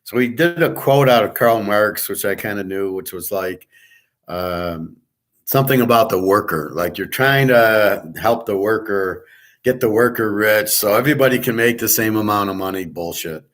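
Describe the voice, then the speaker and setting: A man's voice: lowish voice, normal speed, fairly bright tone. Blunt, profane man ranting to his class. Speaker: online class host. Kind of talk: casual ranting monologue.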